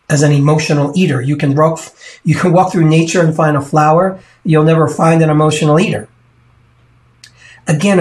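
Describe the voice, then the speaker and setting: A coach giving an earnest teaching talk, stressing and repeating key points to the listener. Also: mid-range voice.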